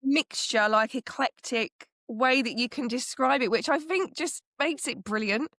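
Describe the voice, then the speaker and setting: A woman's voice: sits high, a little slow, a bit bright, dry recording, studio quality. A woman co-hosting a casual book chat, laughing often and trailing off mid-thought. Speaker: podcast co-host.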